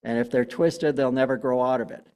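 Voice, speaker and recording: A man talks through slides of plants in a loose, chatty way, stumbling over words and filling pauses with ums. His voice sits at an ordinary middle pitch. A long reverb from a large hall trails after his words. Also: fairly even intonation, a little mellow, smooth. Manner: casual, chatty, many fillers and restarts. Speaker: plant talk presenter. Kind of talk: public gardening talk with slides.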